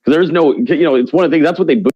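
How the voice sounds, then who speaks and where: A man's voice: a little high, very fast, breathy edge, no room sound, dull audio. A man talking as an interview guest in a blunt, brash, slangy way. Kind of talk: casual interview talk.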